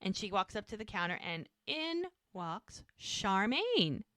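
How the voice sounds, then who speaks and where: Woman, casual podcast chat, animated retelling, bright, dry recording. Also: medium pitch, a little slow, no echo. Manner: animated retelling, acting out characters' lines. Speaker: podcast co-host. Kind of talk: casual chat, recapping a TV episode.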